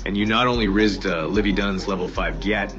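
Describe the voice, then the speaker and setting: A man doing a stern deep-voiced recruiter. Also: a little fast, lo-fi sound, music in the background, close to an everyday voice. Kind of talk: comedic meme voiceover.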